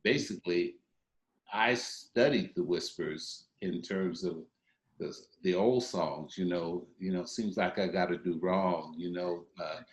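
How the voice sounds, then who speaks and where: An older man speaking in a notably deep voice, a singer talking over his past work. He pauses and restarts as he thinks aloud. The room around him is echoey. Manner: reflective, with fillers and restarts. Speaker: guest singer. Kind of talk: interview conversation.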